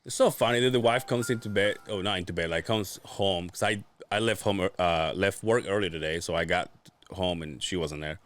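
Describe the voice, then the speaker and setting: A man co-hosting a podcast, telling stories in casual chat and swearing freely. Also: fairly quick. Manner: animated storyteller, swears freely, acts out quotes in a high voice. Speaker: podcast co-host.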